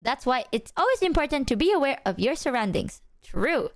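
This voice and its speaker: A young woman streaming, her voice sitting a little high and recorded dry and close. She tells her story to chat loosely and animatedly. Fillers and casual swearing spill out as she goes. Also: big pitch swings, brisk, no echo.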